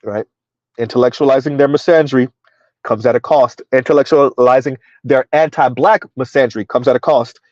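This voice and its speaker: A man's voice: medium pitch, moderate pace, darkish tone, no echo. A man hosting a casual live-stream, laughing often as he reads viewer comments aloud and reacts to them. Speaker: commentary channel host. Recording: dull lo-fi dry sound.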